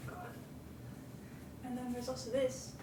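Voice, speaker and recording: A young adult woman streaming a game from home, chatting in a rambling, casual way and cooing softly at her cat now and then. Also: high-pitched, monotone, unhurried, very noisy. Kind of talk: casual live-stream chat while gaming.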